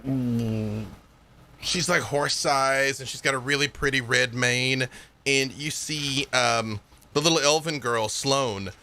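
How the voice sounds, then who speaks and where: A man narrating a tabletop game as game master, playful and animated. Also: mid-range voice, takes it slowly, slight background noise.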